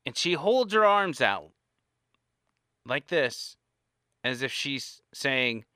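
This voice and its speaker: A man spinning a casual anecdote with lively, rising and falling delivery. His voice is bright and crisply clear, and it is recorded close and dry with no room sound. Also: takes it slowly, no room sound. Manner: animated, with varied pitch and loudness. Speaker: storyteller.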